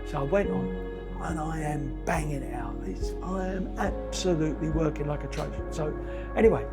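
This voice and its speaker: An older man from England, a comedian telling a long anecdote, animated and acting out what people said. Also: a little high, normal speed, over loud music. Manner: animated, acts out quotes, restarts and repeats words. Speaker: comedian guest. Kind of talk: anecdotal storytelling.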